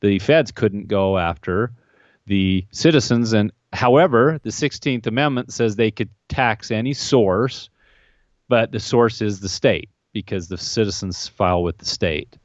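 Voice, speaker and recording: A man with a low voice hosts a political podcast discussion. He is opinionated and wry, and he presses his guest with pointed questions. The sound is dry and a little dull. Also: unhurried, no room sound. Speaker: podcast host.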